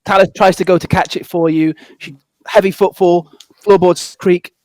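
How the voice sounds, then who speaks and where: Man, dungeon master, casual, halting, slightly high, dry sound. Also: fairly even intonation, darkish tone, no echo. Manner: casual, halting, many fillers and repeats. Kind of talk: narrating a tabletop game.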